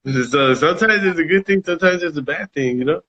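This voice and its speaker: A man's voice: a little high, fairly quick, pushed and bright, highs cut off. A man telling stories in a casual interview, laid-back, swearing freely and laughing often. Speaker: rapper being interviewed.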